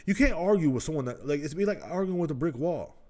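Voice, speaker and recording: Ranting man, fairly high voice. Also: animated, quick pace, darkish tone. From United States. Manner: blunt, ranting, heavy swearing. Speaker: podcast host. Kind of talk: casual profane monologue. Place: at home indoors.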